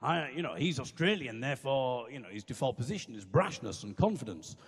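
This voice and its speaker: Wry British comic in a hall. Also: male voice, mid-range voice, lively intonation, brisk, slightly rough. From Britain. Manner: dry, self-deprecating, wry asides. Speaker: stand-up comedian. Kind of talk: comic song then stand-up. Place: university venue stage. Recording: live in a reverberant hall.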